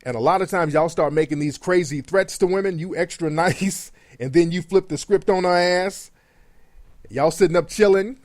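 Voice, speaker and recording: A man's voice: sits high, moderate pace, no echo, studio quality, faint music behind. A man hosting a radio show, giving blunt, profane advice in a conversational monologue.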